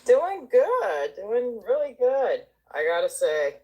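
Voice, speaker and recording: A woman's voice: a little high, very animated, slow pace, darkish tone, husky. A woman taking part in a live-streamed book club, cheerful and chatty.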